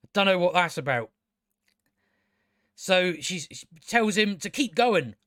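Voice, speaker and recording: A man's voice: high-pitched, expressive, slow, a bit bright, no room sound, clean studio sound. A man reviewing a TV episode in a casual, sarcastic and exasperated rant, swearing freely. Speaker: TV show reviewer.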